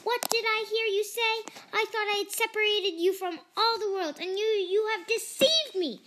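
A woman voicing a wicked old enchantress in a storybook reading, with shrill, venomous outbursts. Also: moderate pace, a bit bright. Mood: furious.

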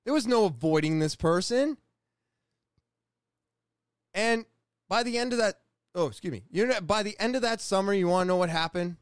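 A man in his forties from New England telling a personal story in a casual, profane, animated way, often restarting his sentences. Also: high-pitched, normal speed, pauses often, clean tone, no echo, clean studio sound. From New England, USA. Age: 40s.

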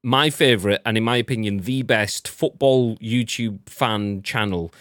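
A man's voice: on the low side, measured pace, fairly bright tone, dry recording, clean studio sound. A man hosting a gaming news podcast in casual, joking chat, swearing freely as he reads out the news. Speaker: podcast host.

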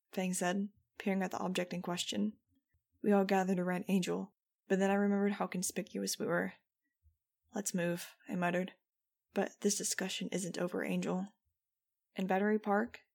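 Female audiobook narrator, flat, even read, fry-tinged low voice. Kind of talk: first-person audiobook narration.

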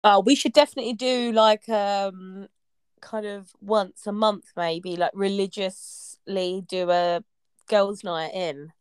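A woman's voice: mid-range voice, fairly even intonation, slow, clear, resonant tone, no room sound. Laughing young woman, dry close sound. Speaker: podcast co-host. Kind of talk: casual chat among friends.

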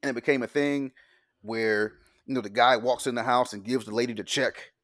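A man's voice: medium pitch, steady tone, a little fast, a bit bright. A man co-hosting a casual podcast chat, telling stories in a blunt, profane way.

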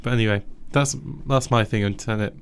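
A man in casual film chat on a podcast, teasing and quick to laugh. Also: fairly low pitch, steady tone, clear, resonant tone.

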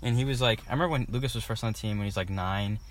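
A teenage guy with a slightly low voice who rambles and restarts his sentences as he chats. Faint crickets and outdoor noise hum behind him on this homemade recording. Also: racing. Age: teens. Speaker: podcast co-host. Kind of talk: casual chat.

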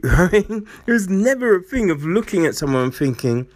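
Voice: medium pitch, big pitch swings, normal speed, few pauses. A speaker ranting in blunt, profane commentary, heavy on slang and fillers, mocking excuses with acted-out quotes. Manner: incredulous, mocks with acted-out quotes.

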